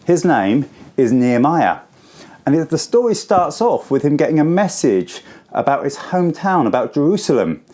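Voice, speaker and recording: A man in his forties giving a school assembly talk, telling a story to children in simple, lively words. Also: fairly high pitch, normal speed. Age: 40s.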